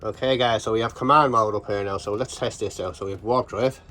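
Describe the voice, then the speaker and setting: A man's voice: fairly low pitch, fairly even intonation, fast talker, pushed and bright, faint music behind. Chatty man reviewing a toy. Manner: enthusiastic, rambling, full of fillers. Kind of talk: casual unboxing chat.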